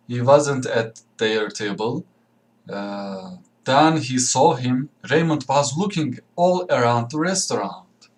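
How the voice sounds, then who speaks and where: A man reading a graded story aloud in a careful, deliberate way. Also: mid-range voice, rough recording. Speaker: narrator.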